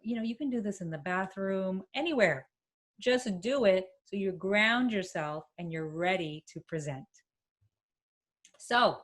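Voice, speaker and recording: A woman presenting a workshop, demonstrating a vocal warm-up with hums and chants and encouraging her listeners. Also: mid-range voice, expressive, normal speed, husky. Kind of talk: instructional workshop talk. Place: home, speaking to camera.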